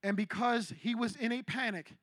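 A man preaching with a strikingly high, bright and forceful voice, recorded close and dry. He talks in an animated, slangy way and acts out people's panicked reactions. It is a lively youth sermon rather than a formal one. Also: moderate pace, no room sound.

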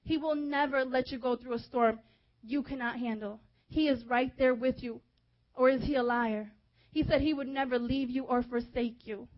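A young woman preaching a fervent sermon, urging her listeners and dropping to a hushed tone at times. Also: high-pitched, steady tone, moderate pace, highs cut off. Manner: fervent, exhorting, with hushed softer stretches.

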